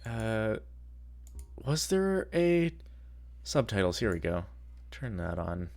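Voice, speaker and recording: Male streamer, casual rambling commentary, lively pitch, profane. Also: takes it slowly, vocal fry. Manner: rambling, swearing, excitable.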